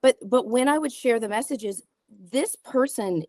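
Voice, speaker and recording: A woman psychic guest speaks with expressive, storytelling energy. She acts out the lines she quotes and often restarts her sentences. Her voice is recorded close and dry, with no room sound. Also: a little high, a little slow, no echo. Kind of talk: animated storytelling in a talk show interview.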